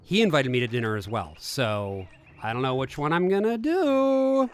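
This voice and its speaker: A man streaming a game, casually chatting and reading its text aloud in a relaxed, amused way. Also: medium pitch, moderate pace.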